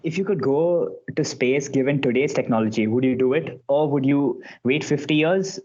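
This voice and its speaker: A man hosting a casual podcast, relaxed, asking quick questions and laughing often. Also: medium pitch, dull audio. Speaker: podcast host.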